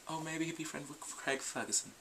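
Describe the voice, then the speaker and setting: A man's voice: on the high side, brisk, creaky, sharp tone, slight background noise. A young man reviewing a TV episode in a casual, rambling way. He goes off on tangents and acts out scenes in quoted voices. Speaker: video reviewer.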